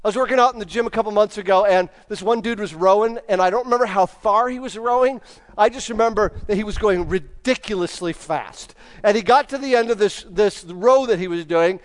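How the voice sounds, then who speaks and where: A man's voice: sits high, expressive, a little fast. A man preaching a sermon in a church, talking in a casual, conversational way and acting out the lines he quotes. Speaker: pastor.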